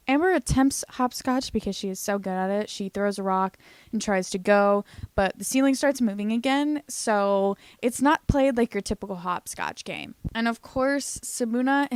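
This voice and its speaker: A woman's voice: fairly high pitch, expressive, moderate pace, smooth, dry recording. Chatty woman recapping a show, dry sound. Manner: chatty, swears freely, lots of "like" fillers. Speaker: YouTube recap host. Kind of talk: casual comedic show recap.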